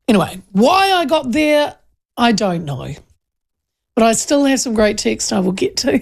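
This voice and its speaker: A woman's voice: high-pitched, moderate pace, gravelly. A woman radio host with a New Zealand accent, chatting and telling funny family stories, acting out the voices. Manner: animated storyteller, acts out voices. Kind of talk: casual chat and anecdote.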